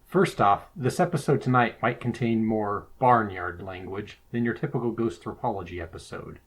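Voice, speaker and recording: Male podcast co-host, husky voice, measured ghost-story narrator. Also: fairly low pitch.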